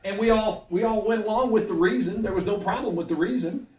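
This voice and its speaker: A man's voice: high voice, fast, reverberant, muffled recording, a little hiss or hum. Man preaching from far off. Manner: storytelling, asks the congregation questions. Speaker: pastor. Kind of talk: sermon.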